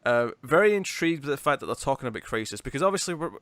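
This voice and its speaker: A man with a British accent co-hosting a comic book podcast, retelling a story in a lively, chatty way with quick restarts. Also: mid-range voice, no echo. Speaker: podcast co-host. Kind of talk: casual comic review chat.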